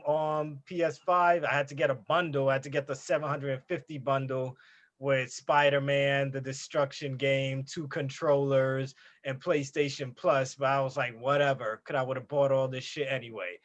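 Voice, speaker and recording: A man co-hosting a gaming podcast, telling a story in an animated, casual way with plenty of swearing. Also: a little high. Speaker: podcast co-host. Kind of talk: casual chat. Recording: dull lo-fi audio.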